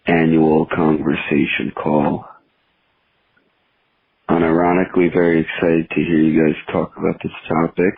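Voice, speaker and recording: Guy doing a cranky old caller, rough and gravelly, mock-angry, over a tinny phone. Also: rumbling low, dry recording, exaggerated voice. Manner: insulting, complaining, mock-angry. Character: grumpy crude old male crank caller. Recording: tinny phone-line recording.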